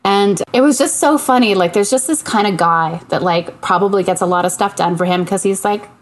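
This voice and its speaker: A woman from Canada telling a funny story in casual chat, animated, acting out the people she quotes and laughing often. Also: mid-range voice, brisk. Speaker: podcast co-host.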